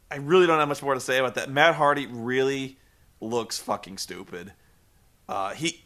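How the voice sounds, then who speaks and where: Bright-voiced man ranting with a stammer. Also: fairly high pitch. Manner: profane, stammering, exasperated. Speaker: host reviewing a wrestling show. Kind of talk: comedic rant review.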